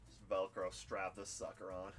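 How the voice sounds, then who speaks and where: Low-voiced chatty man in his thirties. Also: completely flat delivery, normal speed, fairly bright tone. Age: 30s. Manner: chatty, candid, rambling. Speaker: streamer. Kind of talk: casual live-stream chat and game narration. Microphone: headphones with desk mic.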